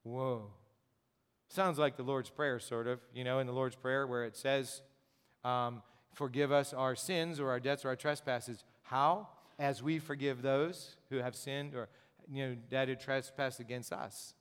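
Pastor preaching in a reverberant church. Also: male voice, mid-range voice, fairly even intonation, unhurried, fairly bright tone, smooth. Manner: conversational preaching, rhetorical questions, repeats words. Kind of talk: sermon. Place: church sanctuary.

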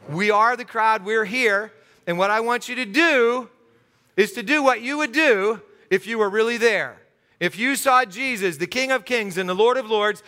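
An American man preaching a lively interactive sermon in a church, acting out crowd voices and joking with the congregation. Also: sits high, clear, resonant tone. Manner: animated, acts out crowd voices, jokes with congregation. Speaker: pastor. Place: church sanctuary. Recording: long hall reverb.

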